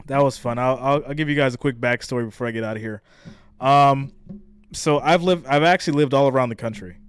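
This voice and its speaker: A man's voice: mid-range voice, fairly quick, smooth. A man from New York hosting a live stream in a casual chat style. He reads viewer guesses aloud and laughs often.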